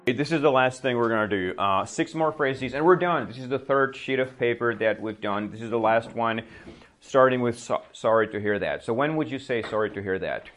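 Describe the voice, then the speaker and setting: A man's voice: medium pitch, moderate pace, a bit bright. A man in his thirties teaching everyday English phrases in a casual, chatty way, laughing often and acting out short example lines. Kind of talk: casual spoken English lesson.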